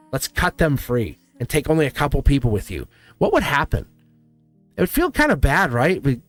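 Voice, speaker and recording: A man with a Boston accent giving a casual, blunt live tarot reading, laughing often and swearing now and then. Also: medium pitch. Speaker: tarot reader.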